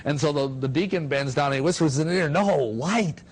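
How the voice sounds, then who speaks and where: A middle-aged man lectures an audience in a slightly high voice at a quick clip, spinning stories and acting out quotes with plenty of jokes. He's animated and playful throughout, though the audio quality is poor.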